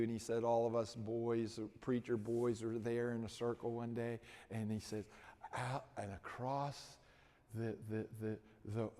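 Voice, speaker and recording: A man preaching, telling a story with frequent repeated words and halting restarts. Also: mid-range voice, warm tone. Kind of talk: sermon storytelling. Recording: long hall reverb.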